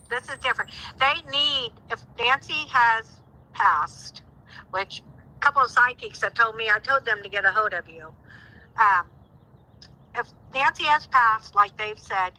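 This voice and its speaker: A woman in her sixties with a very bright, sharp voice, sitting a little high in pitch. She calls in to a live stream and speaks earnestly and pleadingly. Her voice climbs steeply whenever she turns indignant. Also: rough recording. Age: 60s. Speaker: caller. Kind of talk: emotional call-in on a live stream.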